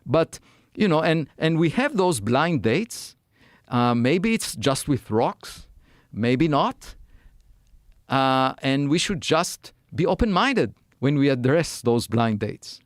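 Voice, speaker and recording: A man's voice: on the high side, sing-song, slow, no echo. Interview guest, male, reflective and hesitant, dry recording. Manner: thoughtful, many fillers and restarts. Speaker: guest scientist. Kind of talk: conversational interview.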